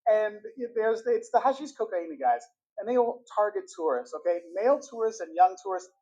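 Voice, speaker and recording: A man hosting a travel video, giving quick tips and acting out the lines of street hustlers. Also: sits high, rough recording. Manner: animated, acts out scammers' lines. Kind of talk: brisk travel-tips talk to camera.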